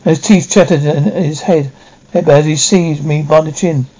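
A man reading a classic novel aloud, halting now and then to restart a word. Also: on the high side, steady tone, mellow, slightly rough, rough recording. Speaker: audiobook reader.

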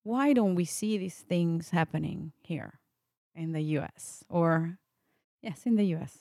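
Woman host, soft voice, kinda stammery, dry close sound. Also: lowish voice, lively intonation, unhurried, vocal fry, dry recording. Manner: soft-spoken, stammers, exclaims in praise. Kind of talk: casual faith interview.

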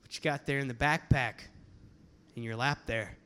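A man's voice: medium pitch, fairly even intonation, moderate pace, bright, forceful tone, clear, resonant tone, voice pushed down, natural voice. A man playing a gushing young cop. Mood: stern. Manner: swears freely, gushes with enthusiasm. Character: young male traffic cop, gushing excitable fan.

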